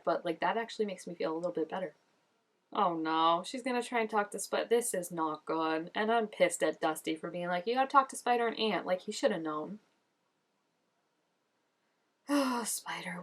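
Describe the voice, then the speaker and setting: A young woman reacting to a show episode in casual, gushing commentary, chatty and full of "like". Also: medium pitch. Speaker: reaction vlogger.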